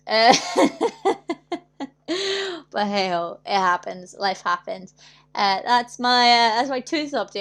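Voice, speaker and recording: A young woman chatting casually on her livestream, telling stories in a chatty way, acting out other people's voices and laughing often. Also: fairly high pitch. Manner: chatty storytelling, acts out quoted voices, frequent laughs. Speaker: singer hosting her weekly livestream.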